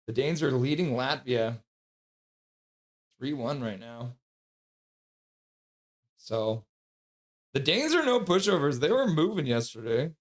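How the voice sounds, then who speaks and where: A man's voice: medium pitch, animated, takes it slowly, long pauses. A man hosting a casual livestream, chatty and sassy, reading out donations and sleep-deprived. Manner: sassy, joking. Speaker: livestream host.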